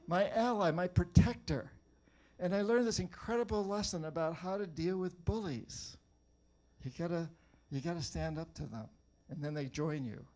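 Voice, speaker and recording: A man's voice: on the high side, darkish tone. An older man from New Hampshire giving a rousing speech, telling stories and firing questions at the audience. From New Hampshire, USA. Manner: storytelling, rousing, addresses the crowd with questions. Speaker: author giving a talk. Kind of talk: motivational speech to a live audience.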